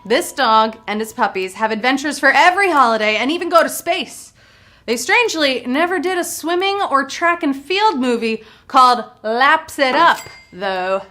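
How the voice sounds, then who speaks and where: Bubbly high-voiced woman quiz host. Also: expressive, moderate pace, sharp tone, faint music behind. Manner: bubbly, punny, playful banter. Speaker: trivia game show host. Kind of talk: live quiz show hosting.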